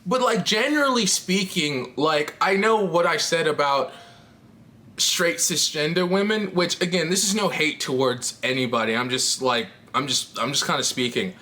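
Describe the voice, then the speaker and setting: A woman's voice: deep voice, moderate pace, fairly bright tone. A trans woman vlogging to camera in a candid, rambling chat, laughing often and swearing casually.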